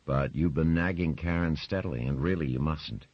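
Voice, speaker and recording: A man voicing a composed young woman who speaks calmly and evenly, in a dry, slightly muffled recording. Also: a bass voice, moderate pace, no echo. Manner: calm and level.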